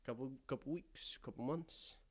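A young man talks at a mid-pitched, everyday level while standing in his attic, hosting his podcast. He rambles, stutters and keeps cracking self-deprecating jokes at his own expense. The sound is dry and close, with no room echo. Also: normal speed, a little mellow. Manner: self-deprecating, stammering, jokey asides. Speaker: podcast host. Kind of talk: rambling comedic podcast monologue.

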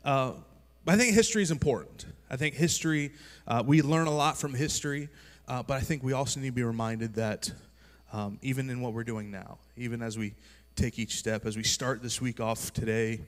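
Casual pastor in a reverberant church hall. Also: male voice, mid-range voice, brisk. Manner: relaxed, conversational with many fillers. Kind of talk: sermon.

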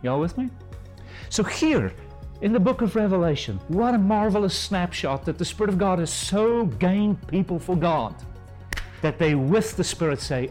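A man preaching a sermon as a pastor and Bible school teacher, impassioned, swinging between loud rises and hushed drops. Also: high-pitched, lively intonation, moderate pace, faint music behind, rough recording.

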